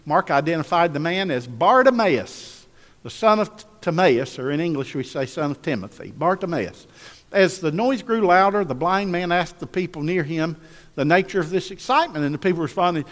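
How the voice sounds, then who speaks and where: A man's voice: fairly high pitch, expressive, moderate pace, fairly bright tone. A man preaching a sermon in an emphatic, repetitive style, calling on the congregation to answer and read along. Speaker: pastor. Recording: long echo of a large hall.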